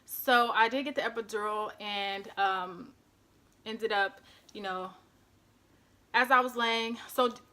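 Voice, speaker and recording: A woman's voice: mid-range voice, slow pace, pauses often, pushed and bright. A young woman vlogger telling a personal story to her camera, emotional and close to tears, with lots of fillers. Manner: emotional, often near tears, with many fillers. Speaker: beauty vlogger.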